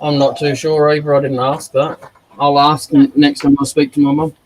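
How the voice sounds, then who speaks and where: A man's voice: on the high side, level tone, moderate pace, a little mellow, low-quality recording. Laid-back man, fairly light voice. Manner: laid-back and laughing easily. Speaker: woodworking streamer. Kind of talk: casual live chat.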